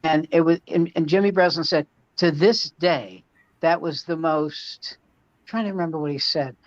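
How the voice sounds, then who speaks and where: A man's voice: a little high, moderate pace, no echo. A man comedian telling rambling anecdotes in casual chat. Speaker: comedian and podcast co-host. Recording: dull lo-fi dry sound.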